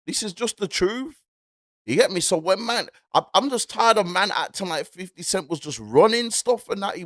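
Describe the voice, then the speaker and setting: A man's voice: high-pitched, fairly bright tone, no room sound, clean studio sound. A man hosting casual commentary, talking emphatically and repeating his points. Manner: emphatic, repeats points, asks "you get me?". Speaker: commentary host.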